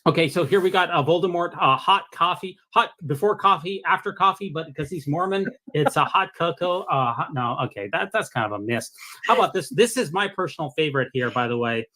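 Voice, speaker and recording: A man's voice: fairly high pitch, lively intonation, fairly quick, pushed and bright. A man hosting a casual call-in chat over a video call, reading out memes with playful emphasis. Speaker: host.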